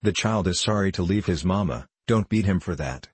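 A patient older showman, gentle and unhurried, as a man narrating voices him. His deep voice has a husky grain. The sound is dry and close, like a storybook reading. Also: animated, no echo.

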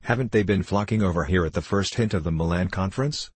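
A man's voice: low-pitched, fast, darkish tone, slightly rough, dry recording. A man reading an audiobook, voicing a scheming, contemptuous foreign diplomat who speaks in a guttural, mocking, condescending way.

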